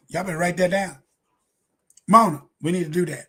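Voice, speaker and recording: Fiery husky-voiced preacher man. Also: sits high, steady tone, brisk, pauses often, bright, forceful tone. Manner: fiery, preacherly, laughs often, repeats lines for emphasis. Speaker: ministry livestream host. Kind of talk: impassioned livestream commentary.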